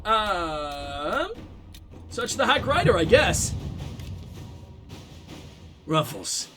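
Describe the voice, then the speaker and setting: Excitable high-voiced gaming man. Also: normal speed, soft background music. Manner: excitable, chatty, playful. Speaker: let's play host. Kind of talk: casual gameplay commentary.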